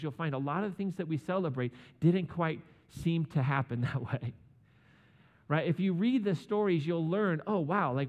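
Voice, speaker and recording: A man's voice: on the high side, darkish tone. Joking man preaching in a hall. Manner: casual and joking, acts out quotes. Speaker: pastor. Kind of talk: conversational sermon. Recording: long hall reverb.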